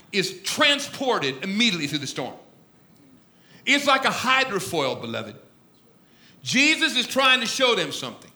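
A man preaching a sermon, telling a story dramatically, swinging from loud to hushed. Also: sits high, roomy sound. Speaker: pastor.

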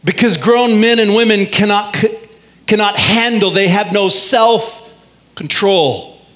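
A male pastor preaching a sermon in a lively way, drawing out key phrases and leading the congregation in call and response. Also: high-pitched, slow pace. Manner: lively, drawls out key phrases, has the congregation repeat lines.

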